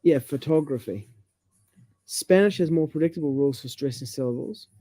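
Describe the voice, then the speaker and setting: New man reading aloud, mellow voice. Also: fairly high pitch, no room sound. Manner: reads aloud, halting with restarts. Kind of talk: casual chat about language.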